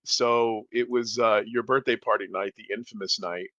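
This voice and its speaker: A man telling a funny story on a podcast in a casual, animated way, laughing and acting out the people in it. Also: on the low side, moderate pace, no echo, lo-fi sound. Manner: animated, laughing, acts out voices. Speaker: podcast co-host.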